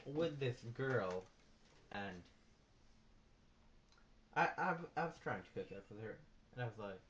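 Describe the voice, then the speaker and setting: Deadpan teenage boy doing stand-up. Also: fairly low pitch, measured pace, pauses often. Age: late teens. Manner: boastful, deadpan, with slangy asides. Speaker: student comic. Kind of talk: stand-up comedy routine. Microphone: phone camera in the audience. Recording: lo-fi phone recording.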